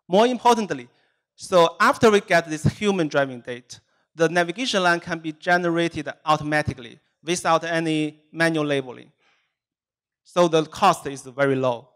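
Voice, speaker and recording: Clear-voiced man giving a tech talk. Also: on the high side, moderate pace. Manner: steady, methodical explaining. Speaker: software engineer presenting at a tech meetup. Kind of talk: technical presentation. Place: meetup presentation room.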